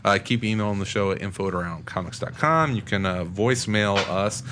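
Low-voiced man hosting a comics chat. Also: a little fast, noisy background. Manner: reads out listener mail and plugs, relaxed with filler words. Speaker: podcast host. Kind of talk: casual chat.

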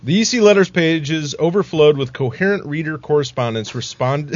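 A man's voice: on the high side, moderate pace, dull audio, soft background music. A man co-hosting a podcast, reading a scripted history aloud in a casual way and laughing at his own slips.

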